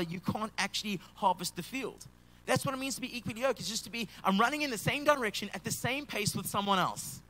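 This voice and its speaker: A man preaches in a high, bright, ringing voice. He jokes and calls out to the room, and long hall reverb trails behind every line. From South Africa. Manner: energetic, joking preacher calling out to the congregation. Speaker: pastor. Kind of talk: sermon. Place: church auditorium. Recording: live church hall reverb.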